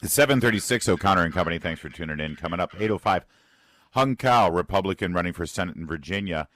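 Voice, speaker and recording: A middle-aged man hosting talk radio in a brisk, punchy, sarcastic way. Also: sits low, lively intonation, a bit bright. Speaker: radio talk show host.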